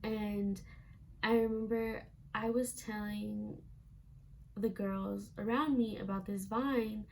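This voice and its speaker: Chatty young woman with a gravelly voice. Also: mid-range voice, fairly even intonation, takes it slowly, slight background noise. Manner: chatty, frequent "like" fillers, acts out quoted lines. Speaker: vlogger. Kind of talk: casual storytime.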